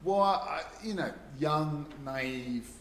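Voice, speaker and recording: A man telling animated anecdotes in a casual chat, often laughing. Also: a little high, slow pace, a little hiss or hum. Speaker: expat podcast guest.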